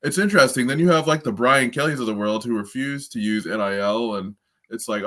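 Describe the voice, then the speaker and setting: A man with a bright, forceful voice talks sports on a podcast. He speaks at a middle pitch and gets blunt and opinionated as he rants. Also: brisk. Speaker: podcast co-host. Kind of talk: casual sports chat.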